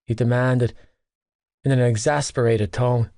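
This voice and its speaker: A man's voice: medium pitch, steady tone, a little slow, a little mellow, dry recording. Man narrating an audiobook, dry and close. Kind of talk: first-person audiobook narration.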